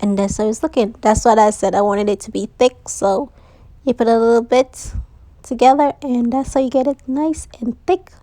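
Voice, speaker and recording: A woman's voice: fairly high pitch, fairly even intonation, moderate pace, dark tone, dry recording. A woman hosting a DIY craft tutorial, chatting casually and saying she is losing her voice. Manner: chatty, uses "like" and "so yeah". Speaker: DIY crafts channel host.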